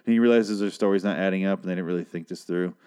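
Rambling, foul-mouthed man with a low voice. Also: steady tone, racing, dark tone, clear, resonant tone. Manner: rambling, swears a lot, interrupts himself. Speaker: podcast host recapping a TV episode. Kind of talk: casual profane chat.

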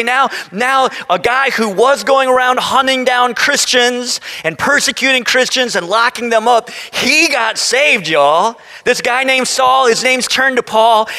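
A man preaches to his congregation in a high, bright voice. He's animated and throws in playful asides. The sound carries a long reverb from a large church hall. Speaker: pastor. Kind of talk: sermon.

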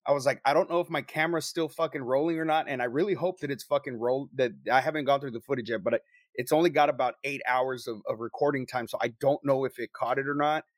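A young man telling a story to friends in a casual, profane, animated way, acting out what people said. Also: mid-range voice, quick pace, dry recording, clean studio sound. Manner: profane, animated storyteller who acts out quotes. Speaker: paranormal investigator telling a story.

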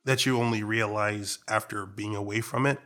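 A young man from Trinidad and Tobago, a guest in a casual interview, talking in a relaxed, jokey way with an accent that moves between American and Trinidadian. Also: lowish voice, moderate pace. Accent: American, switching to Trinidadian partway.

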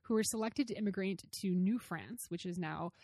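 A woman's voice: fairly low pitch, moderate pace, warm tone, slight background noise. A woman co-hosting a podcast, playfully teasing her co-host and explaining history in casual chat. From Canada.

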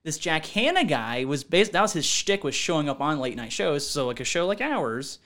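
A man's voice: a little high, very animated, moderate pace, fairly bright tone. A man co-hosting a casual podcast, reading listener emails aloud and rambling with lots of fillers and laughter. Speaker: podcast co-host.

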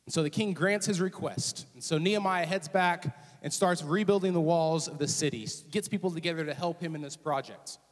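A young man preaches in a relaxed, joking way and keeps dropping into little voiced asides. His voice sits fairly high for a man. It rings with long reverb through a church auditorium. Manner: casual, joking, animated storytelling with voiced asides. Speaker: student ministries director preaching. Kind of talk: sermon.

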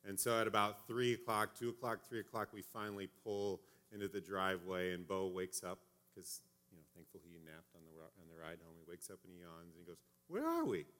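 A man in his thirties giving a conversational sermon as a pastor, often checking in with a quick "right?". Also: low voice, little pitch movement, a bit bright. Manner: conversational preaching, frequent "right?" asides.

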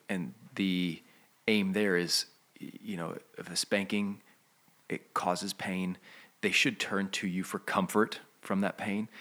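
A man with a low, deep voice talks through a podcast discussion. He explains in a steady, teaching manner, laying out one question after another. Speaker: podcast co-host.

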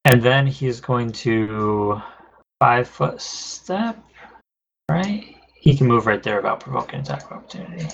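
A man's voice: mid-range voice, animated, measured pace, gravelly, a bit bright, highs cut off. A man acting as game master in a tabletop game, calling rolls and enemy moves in a matter-of-fact way. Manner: matter-of-fact rules calls.

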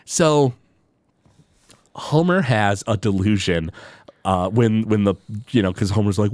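A man's voice: on the low side, a little slow, long pauses, no echo, clean studio sound. A man co-hosting a casual podcast, recapping a cartoon episode with lots of fillers and acted-out quotes. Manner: animated, many fillers, acts out quotes in raised voices. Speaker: podcast co-host.

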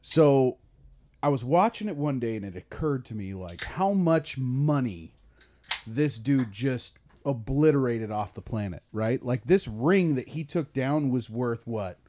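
A man's voice: mid-range voice, lively intonation, unhurried, mellow, slight background noise. A man co-hosting a casual podcast chat. He rambles and stammers through his points. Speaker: podcast co-host.

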